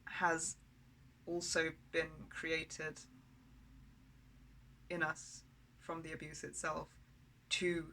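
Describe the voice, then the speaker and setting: A woman's voice: sits low, little pitch movement, very slow, pauses often, bright, forceful tone, slight background noise, rough recording. A woman talking candidly in a personal video diary, blunt and rambling, with frequent swearing. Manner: rambling, with many fillers and restarts. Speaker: vlogger.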